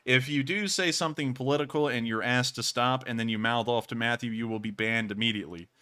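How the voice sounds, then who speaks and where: A bright, forceful male voice carries this livestream host. He talks casually and earnestly in long, rambling runs and keeps thanking his viewers. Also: mid-range voice, fast. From United States.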